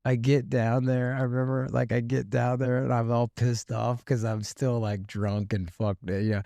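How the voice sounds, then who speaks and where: A man's voice: medium pitch, level tone, normal speed, vocal fry, dark tone, no room sound, studio quality. A man in his forties telling a story on a podcast in a rambling, profane way, full of fillers and laughs. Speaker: podcast guest. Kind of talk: casual storytelling.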